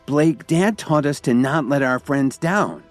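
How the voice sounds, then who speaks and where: A man's voice: mid-range voice, wildly swooping pitch, fast, darkish tone, soft background music, pitched above the performer's own voice. A man voicing a stubborn, nervous young woman in a storybook reading, his voice pushed well up to play her.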